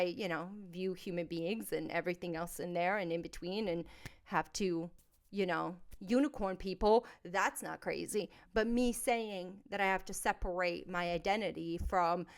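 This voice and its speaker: Woman podcast host, mid-pitched, blunt, confessional storyteller. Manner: candid, blunt, emphatic, swings between soft and loud. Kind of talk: personal storytelling monologue.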